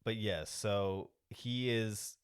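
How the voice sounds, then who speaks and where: Deep smooth guy on a movie podcast, laid back, lots of uh and like. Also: very slow. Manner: relaxed, recaps scenes at length with many fillers. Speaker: podcast co-host. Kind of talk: casual movie discussion.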